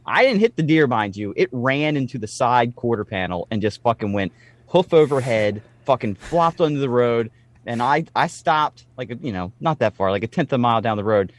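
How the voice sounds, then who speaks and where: A man in his late thirties telling stories in casual podcast chat, animated and swearing freely. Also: mid-range voice, moderate pace, no room sound.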